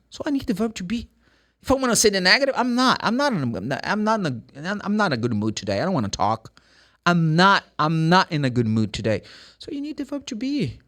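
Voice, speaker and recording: A man with a Brazilian Portuguese accent, an English teacher explaining grammar and slowly repeating example sentences. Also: fairly high pitch, bright, forceful tone.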